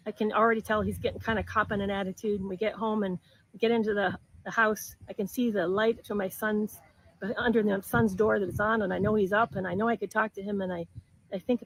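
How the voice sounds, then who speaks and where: Halting middle-aged woman telling her story. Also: medium pitch, fairly even intonation, slight background noise, low-quality recording. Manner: earnest, halting, with repeated restarts. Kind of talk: personal storytime narration.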